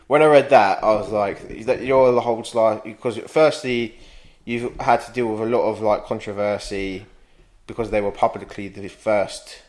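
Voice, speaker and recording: A low-pitched man, trading casual banter on a podcast with his friends. He talks bluntly, swears freely and laughs loudly. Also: fairly even intonation, normal speed. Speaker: podcast co-host.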